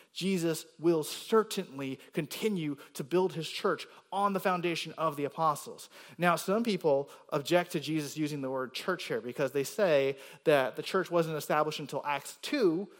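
A man with a somewhat high voice delivers a teaching sermon to his congregation. He explains each point step by step, keeps asking whether listeners follow, and punches the words he quotes with extra force. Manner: explanatory, rising emphasis on quoted words, frequent "right?" checks. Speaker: pastor.

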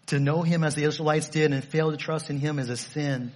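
A man's voice: on the high side, fairly even intonation, brisk, hardly any pauses. A male pastor preaching a sermon, emphatic and repetitive, firing off rhetorical questions.

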